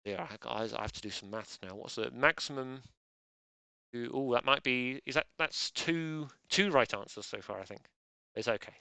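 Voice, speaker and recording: A man's voice: mid-range voice, animated, moderate pace, gravelly, sharp tone, clear, resonant tone, no room sound. A man hosting a live online quiz, joking drily and rambling. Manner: dry, rambling, self-deprecating jokes. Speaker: quiz host.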